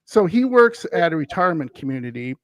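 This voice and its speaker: A man's voice: a little high, big pitch swings, brisk, no room sound. A man from Wisconsin, a guest on a paranormal podcast, telling a story in a casual, rambling way with many "uh"s and chuckles. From Wisconsin, USA.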